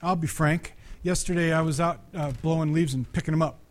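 A middle-aged man preaching a sermon, conversational and animated, with frequent restarts and sudden loud peaks. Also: fairly high pitch, brisk. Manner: restarts and repeats words often. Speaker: pastor.

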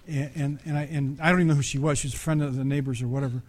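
A middle-aged man preaching a sermon, conversational and animated, with frequent restarts and sudden loud peaks. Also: mid-range voice, racing. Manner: restarts and repeats words often. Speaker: pastor.

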